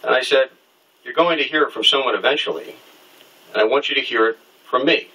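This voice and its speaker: A man's voice: mid-range voice, a little fast, sharp tone, slightly rough, far from the mic, rough recording. A middle-aged man telling a personal story in an interview, candid and wry, acting out the people he quotes.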